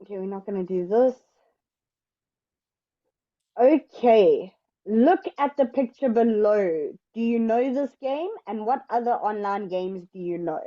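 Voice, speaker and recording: A woman teaching English in an online lesson, explaining step by step in a patient, slow way. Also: medium pitch, expressive, highs cut off.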